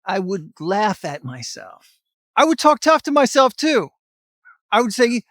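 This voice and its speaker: A man's voice: high voice, sing-song, measured pace, a bit bright, no room sound, studio quality. A middle-aged man giving a blunt, emphatic motivational talk to camera as a fitness vlogger, with some mild cursing.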